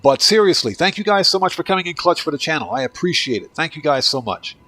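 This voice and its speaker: Speaking fast in a fairly high-pitched voice, this gamer runs a gameplay livestream and relaxes into casual talk with chat, naming viewers as he thanks them. He's congested and clearly losing his voice.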